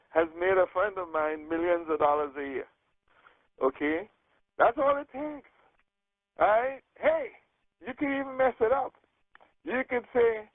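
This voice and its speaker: A man leading a group call as a sales coach, giving an energetic motivational talk, checking in with "okay?" and acting out phone conversations. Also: very high voice, measured pace, no echo. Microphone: telephone. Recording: tinny phone line.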